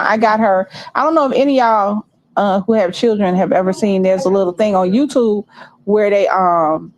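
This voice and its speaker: A woman's voice: medium pitch, a little mellow, rough recording. A middle-aged woman hosting a livestream, rambling and chatting straight to her viewers in a casual, unscripted way. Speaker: livestream host.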